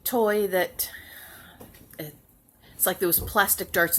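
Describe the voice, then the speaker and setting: A woman hosting a home cross-stitch video, chatting casually and sounding tired, with soft asides that trail off. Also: mid-range voice, fairly even intonation, slow, long pauses. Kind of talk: casual chat to camera.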